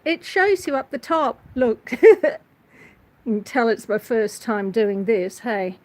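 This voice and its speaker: A woman's voice: on the high side, takes it slowly. An Australian woman hosting a casual livestream from her outdoor verandah, chatty and a little nervous as she greets viewers by name. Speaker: homestead channel host. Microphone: phone.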